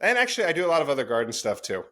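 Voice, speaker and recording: Man, regular podcast guest, upbeat, lively swinging pitch, casual chat. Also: very fast. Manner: upbeat, animated storyteller.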